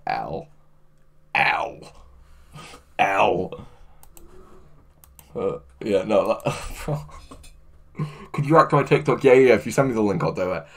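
A man chatting casually on a livestream, excitable, laughing often and swearing a lot. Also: fairly low pitch. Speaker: livestreamer reading chat.

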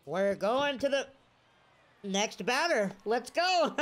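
A man commentating his own baseball video game as he plays, excitable, his voice jumping to high shouts at big plays, tired after hours of play. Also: very slow, noisy background. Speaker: gaming YouTuber. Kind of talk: live gameplay commentary.

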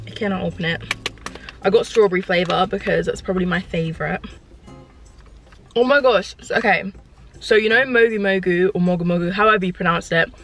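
A woman chatting excitedly to camera from inside a parked car, with lots of "like" fillers. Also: mid-range voice. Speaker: lifestyle vlogger. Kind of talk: casual vlog chat to camera.

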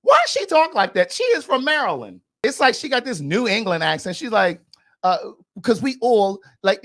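A man's voice: sits high, sing-song, moderate pace, fairly bright tone. A man hosting a podcast, giving blunt, sassy, gossipy commentary in a casual chat. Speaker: podcast host.

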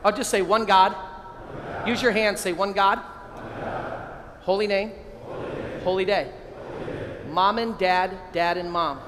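A middle-aged priest giving a lively keynote talk to a crowd of men, calling out phrases for them to repeat. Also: male voice, high-pitched, slow pace, long pauses. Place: large hall. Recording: long hall reverb, faint ambient noise.

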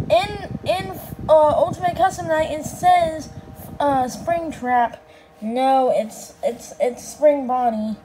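Grumpy animatronic rabbit, played by a woman, hesitant, dark, mellow tone. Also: high-pitched, slight background noise, rough recording. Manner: hesitant, halting, defensive.

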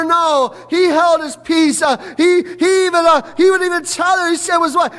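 A man preaching a fervent sermon as pastor, with frequent "uh" fillers and bursts of shouting. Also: extremely high pitch, normal speed, few pauses. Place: church sanctuary. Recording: long hall reverb from a church.

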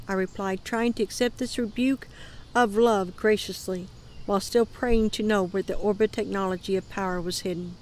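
A woman reading her dream account aloud in a calm voice that often drops to a murmur. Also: mid-range voice, moderate pace, a little hiss or hum. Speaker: ministry dream teller.

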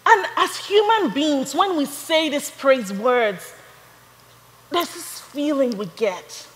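A woman's voice: sits high, animated, slow pace, long reverb tail, rough recording. Fervent woman preaching. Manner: fervent, builds to shouted praise. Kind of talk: sermon.

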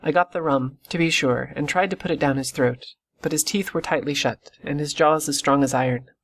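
Guy reading a classic novel aloud, steady and measured, voice a bit high. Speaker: audiobook reader. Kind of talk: scripted narration.

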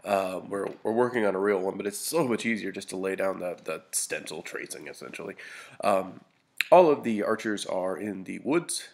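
A man's voice: deep voice, expressive, normal speed, a little mellow. A man, a bit sniffly, casually narrating a tabletop battle report over photos, with lots of fillers and restarts. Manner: casual, many fillers and restarts, dry humor. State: a little sniffly. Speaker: hobby gamer reporting a battle.

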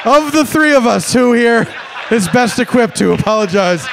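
A middle-aged man performing a stand-up comedy set on a club stage, with an animated, exaggerated, mock-polite delivery. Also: very high-pitched, moderate pace, vocal fry, slight background noise.

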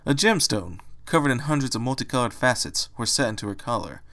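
A man's voice: medium pitch, animated, fairly quick, fairly bright tone. Man narrating a storybook reading. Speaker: reader.

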